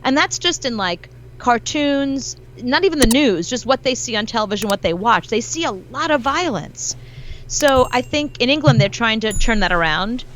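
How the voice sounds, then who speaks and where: At a moderate pace and a fairly high pitch, a celebrity journalist gives animated guest commentary in a casual interview, acting out quotes as she goes. A little hiss or hum sits under the recording.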